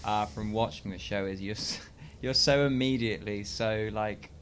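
A man's voice: lowish voice, fairly even intonation, moderate pace, fairly bright tone, slight background noise. A man co-hosting a live interview, asking questions hesitantly with many fillers and restarts. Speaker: podcast co-host interviewing a comedian. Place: live venue at a comedy festival.

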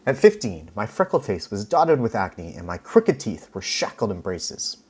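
A man from Canada reading his own first-person story in an expressive, wry way, with dramatic pauses. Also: lowish voice, slightly rough.

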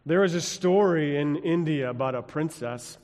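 Pastor preaching in a reverberant church. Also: male voice, on the high side, normal speed. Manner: dramatic storytelling with quiet drops and rising emphasis. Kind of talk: sermon. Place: church sanctuary.

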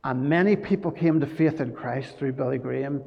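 A man giving a children's talk at a church service, telling stories gently and asking the children questions. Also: mid-range voice, moderate pace, gravelly, big-room sound, dull audio.

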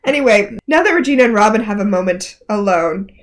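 A woman co-hosting a casual TV recap podcast, animated and exclamatory, swearing freely. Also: mid-range voice, brisk. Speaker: podcast co-host.

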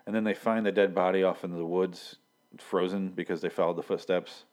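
A man's voice: low-pitched, steady tone, brisk, darkish tone. A young man from Michigan casually recapping a TV episode, rambling with lots of fillers and swearing as he quotes scenes. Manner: rambling, profane, many fillers, quoting scenes. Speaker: TV episode reviewer.

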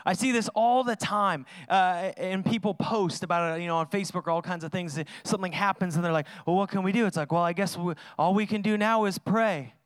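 A man preaching a sermon in a conversational, energetic way, with sudden loud emphases. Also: high-pitched, fast, hardly any pauses, clear, resonant tone, no echo. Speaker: pastor.

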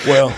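A man co-hosting a podcast, telling crude comic stories in a rambling, animated way, with many restarts and bursts of laughter. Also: noisy background. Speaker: podcast co-host. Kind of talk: crude comedic storytelling.

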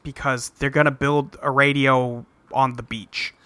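A man's voice: medium pitch, little pitch movement, a little slow, sharp tone, no room sound. A man co-hosting a podcast, recapping a TV episode in casual chat and rambling with lots of fillers. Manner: rambling, heavy "like" and "um", acts out characters in quotes. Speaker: podcast co-host.

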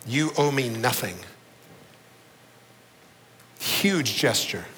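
Earnest bright-voiced male pastor preaching. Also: expressive, a little hiss or hum, rough recording. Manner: earnest, slows and drops low on key words. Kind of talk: sermon.

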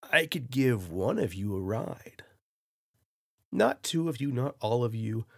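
A man's voice: mid-range voice, lively intonation, measured pace, no room sound, studio quality. A man putting on the voice of a friendly, laid-back surfer bro with a drawling surfer-bro way of talking.

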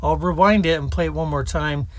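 A man's voice: a little high, a little fast. A man hosting a political commentary show, talking casually and scornfully between played clips. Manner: scornful, mocking.

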